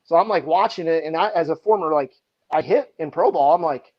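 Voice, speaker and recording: A man and baseball pitching coach telling an animated story in a casual podcast chat, leaning heavily on "like". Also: fairly quick, highs cut off. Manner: animated anecdotes, heavy use of "like".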